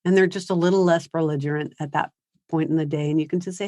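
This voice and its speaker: This parenting speaker has a deep, slightly mellow voice with fairly even intonation and a quick pace. She delivers a conversational seminar talk at a high school, acting out lines from teens and parents, recorded cleanly in studio quality with no echo.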